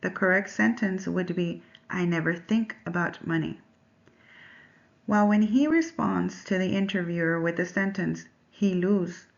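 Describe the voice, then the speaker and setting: A woman reads her class presentation from a script in a measured way. Her voice sits low with a gravelly edge. The recording sounds dull and lo-fi. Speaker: student presenter.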